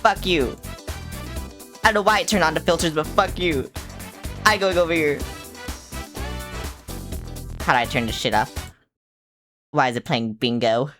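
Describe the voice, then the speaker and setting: A woman's voice: low-pitched, a little slow, long pauses, fairly bright tone, soft background music. A woman streaming a video game, chattering in a hyper, rambling way and swearing playfully. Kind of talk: casual gaming livestream chatter.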